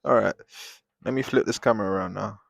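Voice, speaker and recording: A man chatting casually on a live drawing stream, rambling and venting in animated bursts at a desk microphone at home. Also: fairly low pitch, fast talker, creaky, no room sound, studio quality. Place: home, at a table.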